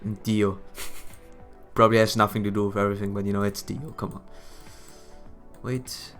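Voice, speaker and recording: A low-voiced man with a hoarse, worn voice chats casually with viewers while streaming a game. He sounds relaxed and friendly, and faint music plays underneath. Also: moderate pace. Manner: laid-back, chatty with viewers. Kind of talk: casual live stream commentary.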